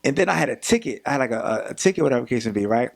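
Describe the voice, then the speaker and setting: A man's voice: mid-range voice, rapid-fire, gravelly. A young man from Philadelphia, a podcast guest, telling a story casually and acting out the voices of the people in it. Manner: animated retelling, acts out quoted voices.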